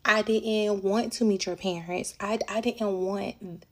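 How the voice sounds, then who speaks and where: A woman's voice: medium pitch, takes it slowly. A woman telling a personal story in casual chat, acting out what people said to her. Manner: animated, acts out quoted dialogue. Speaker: storyteller on a reaction video.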